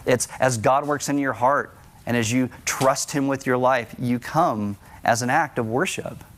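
Male pastor, mid-pitched voice, preaching at a church service in an easygoing, earnest manner. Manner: conversational and earnest, with self-deprecating asides. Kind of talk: sermon.

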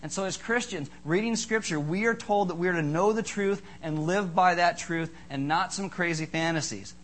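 A man preaching to a congregation in a lively, joking way, telling a ghost tale before his sermon. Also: high voice, moderate pace. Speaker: pastor. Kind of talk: sermon with a told ghost story. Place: church hall with a congregation.

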